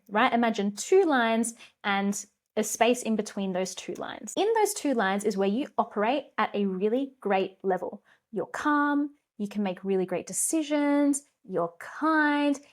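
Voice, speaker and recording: A woman hosting her own podcast, giving a passionate, earnest motivational talk with frank, casual swearing. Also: a little high. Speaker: podcast host and coach.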